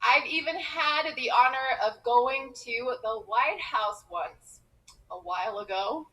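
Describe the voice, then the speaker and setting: A comedian from Iran telling a personal story with expressive, quick comic timing. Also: female voice, on the high side, slight background noise, rough recording.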